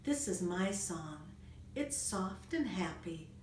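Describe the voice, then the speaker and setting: A woman reading a storybook and voicing a shy, timid little girl humpback whale in a soft, hesitant way. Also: lowish voice, expressive, slow pace. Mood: timid, hopeful. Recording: roomy room, distant mic, faint noise.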